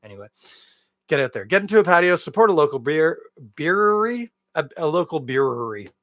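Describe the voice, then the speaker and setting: A man hosting a beer podcast in casual solo chat, rambling and joking, with big swings between loud bursts and quiet asides. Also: fairly high pitch, brisk, no room sound, clean studio sound. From Canada. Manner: rambling, jokey and animated, with big swings in loudness.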